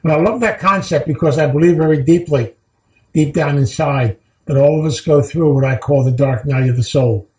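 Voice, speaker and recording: A man's voice: fairly high pitch, moderate pace, darkish tone, reverberant, low-quality recording. A man giving a heartfelt recovery talk, telling stories earnestly and repeating key phrases for weight. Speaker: recovery speaker.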